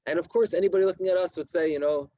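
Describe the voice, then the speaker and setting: A man in his thirties, a rabbi giving a Torah lecture to his community, reading Hebrew texts slowly and explaining them in animated, repetitive English. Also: sits high, dry recording, highs cut off. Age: 30s. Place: community study hall at night.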